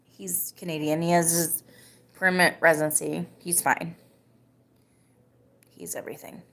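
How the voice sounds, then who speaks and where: A woman's voice: on the low side, little pitch movement, moderate pace, gravelly, a bit bright. A woman in her thirties from the United States, hosting a live podcast stream in a self-mocking, rambling, tipsy chat. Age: 30s. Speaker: podcast host.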